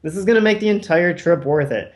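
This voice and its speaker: A man's voice: high-pitched, a little fast. A man with a New York accent co-hosting a gaming podcast, rambling through a joking culture segment. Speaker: podcast co-host. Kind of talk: casual chat.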